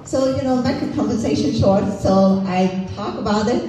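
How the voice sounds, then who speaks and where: A woman's voice: mid-range voice, normal speed, a crowd in the background. Woman from Vietnam speaking in an echoey hall. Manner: storytelling, broken English, earnest. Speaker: political candidate. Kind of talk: campaign speech. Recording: echoey room from far off, faint noise.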